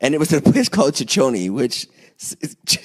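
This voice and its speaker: A man's voice: medium pitch, big pitch swings, a little fast. A man co-hosting a podcast, telling a funny story in casual chat and laughing often. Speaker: podcast co-host.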